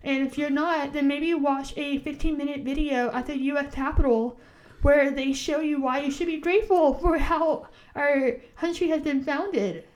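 Woman from the us cohosting a chatty podcast, kinda high voice, earnest and emphatic, lots of like and you know. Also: steady tone, normal speed, a little mellow. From United States. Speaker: podcast co-host. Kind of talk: casual podcast chat.

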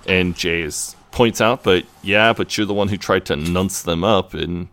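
Deep-voiced man casually recapping a show. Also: a little slow, gravelly, few pauses, fairly bright tone. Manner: rambling, filler-heavy retelling with "like". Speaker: podcast co-host. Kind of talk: casual chat recapping a TV episode.

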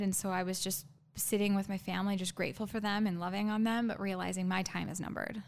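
A woman guest telling a painful personal story in a halting, earnest way, with many fillers and restarts. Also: medium pitch, fairly even intonation, gravelly, fairly bright tone, clear, resonant tone.

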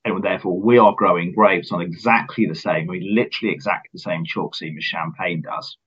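Brief: deep, husky man, finance executive, measured answers, dull muffled recording. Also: steady tone, a bit bright. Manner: measured, earnest, repeats words at starts. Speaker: company finance chief. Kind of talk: business interview answers.

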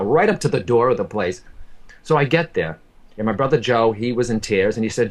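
A man's voice: mid-range voice, brisk. Earnest man recounting a personal story. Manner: earnest, repeats phrases, addresses the host by name. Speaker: medium. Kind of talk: emotional storytelling in a conversation.

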